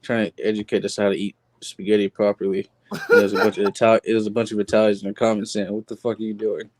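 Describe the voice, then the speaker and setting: A man's voice: lowish voice, little pitch movement, quick pace, a little mellow, no room sound. A man in casual podcast chat, bantering in a wry, mock-formal way.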